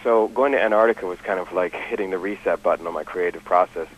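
A man with a very low, deep voice talks through an interview about his creative work, casual and loose with "you know" and "man." Faint noise sits under his voice. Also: quick pace, poor audio. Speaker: interview guest, musician and artist. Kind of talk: relaxed interview talk.

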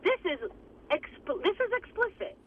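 A woman's voice: very high voice, sing-song, measured pace, a little hiss or hum. A woman speaking emphatically as an interviewee, with many restarts. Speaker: interviewee, community advocate. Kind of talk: recorded interview over phone. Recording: tinny phone line.

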